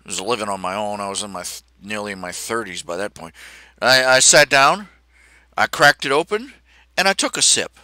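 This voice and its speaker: A man's voice: on the low side, brisk, dry recording. A man hosting a livestream, telling rambling casual stories full of restarts and asides. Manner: chatty, self-interrupting, animated anecdotes with restarts. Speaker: livestream host.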